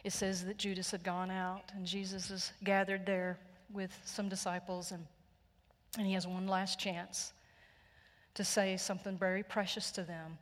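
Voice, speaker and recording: A Texan woman delivers a sermon in an earnest, gentle storytelling voice, sometimes sinking to a near whisper. Her voice rings through a church hall with a long echo. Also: medium pitch, level tone, normal speed. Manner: gentle, earnest storytelling with soft hushed passages. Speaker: pastor. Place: church sanctuary.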